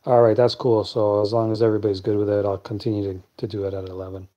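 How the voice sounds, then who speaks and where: A man hosting a late-night live stream, chatting casually and answering viewers' comments in a deep, clear voice. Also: little pitch movement, fast talker, dark tone.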